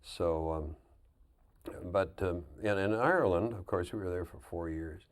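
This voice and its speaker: An older man telling lively anecdotes as a guest on a 1999 television interview, often laughing at his own stories. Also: low voice, measured pace. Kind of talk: casual storytelling.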